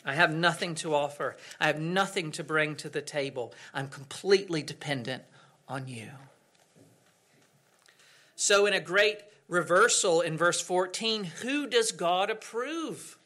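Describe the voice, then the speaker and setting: Bright, high-voiced male preacher. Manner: earnest, dramatic pauses, shifting from loud to hushed. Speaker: pastor. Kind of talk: sermon.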